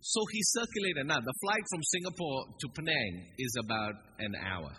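A man preaching a sermon, telling a story with great animation and acting out the other voices, swinging from loud bursts to hushed tones. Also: mid-range voice, sing-song, normal speed, noisy background. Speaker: pastor.

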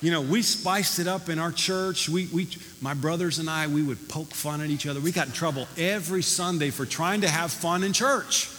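Male pastor, emphatic sermon delivery, high bright voice, long church reverb with faint room noise. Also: moderate pace, hardly any pauses. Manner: animated, emphatic preaching. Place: church hall.

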